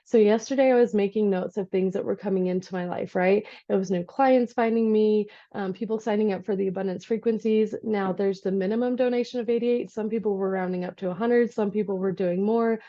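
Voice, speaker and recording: Chatty woman with a low-fi sound. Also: a little fast, few pauses. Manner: chatty, animated retelling with voiced asides. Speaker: energy healer. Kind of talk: casual vlog monologue. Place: home office. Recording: dull lo-fi recording.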